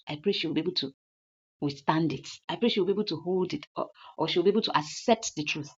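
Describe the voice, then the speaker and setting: A woman with a lowish, slightly rough voice casually recaps a drama story in loose, chatty narration, often repeating her lines. The recording is dull and lo-fi.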